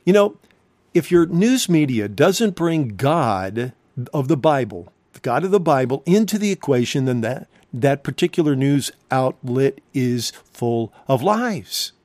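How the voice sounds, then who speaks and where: A man's voice: mid-range voice, big pitch swings, a little slow, a little mellow, no room sound. A man preaching a recorded sermon, emphatic and fond of rhetorical questions.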